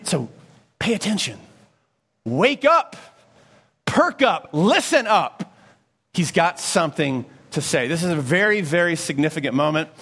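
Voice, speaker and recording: A male pastor preaching a sermon in a conversational, animated way, with frequent rhetorical questions and asides to the congregation. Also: on the high side, unhurried, long pauses, breathy edge.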